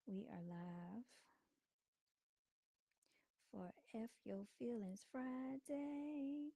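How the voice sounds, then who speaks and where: A woman's voice: on the high side, expressive, very slow, creaky, mellow, slightly rough, dry recording. A woman hosting her own livestream, chatting casually and calling her viewers "y'all" on a desk microphone at home. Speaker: livestream host. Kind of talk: casual live-stream talk.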